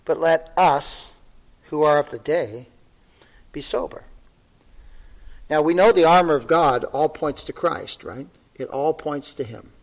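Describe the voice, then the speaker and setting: A man's voice: on the high side, measured pace, gravelly, pauses often, poor audio. A male pastor preaching a sermon, conversational with tag questions, building to fervent exclamations and chuckling now and then.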